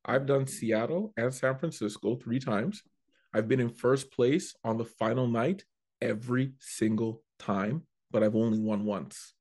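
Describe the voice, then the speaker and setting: A man, a comedian, telling a story in a casual chat, animated and prone to restarting his sentences. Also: mid-range voice, a little slow. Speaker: comedian guest.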